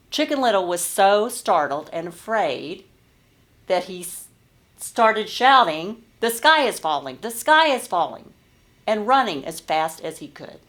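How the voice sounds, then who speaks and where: A woman tells a children's story during a worship service. Her voice sits a little low, and her delivery is gentle and unhurried. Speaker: worship leader.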